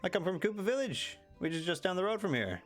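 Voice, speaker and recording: A man's voice: high voice, very animated, fast, soft background music, pitched above the performer's own voice. A man voicing an eager young male turtle villager in a game, earnest and chatty. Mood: gushing.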